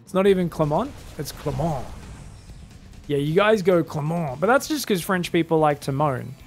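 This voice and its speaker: A man's voice: fairly high pitch, animated, brisk, soft background music. A man with an Australian accent doing solo esports commentary, chatty and joking with teasing asides. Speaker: esports caster.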